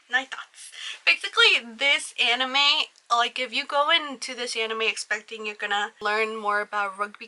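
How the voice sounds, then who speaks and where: A woman's voice: a little high, low-quality recording. A young woman hosting an anime video, recapping and reviewing a show in a rambling, gushing way and leaning constantly on "like". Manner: rambling, leans heavily on "like" as filler; gushing and excitable.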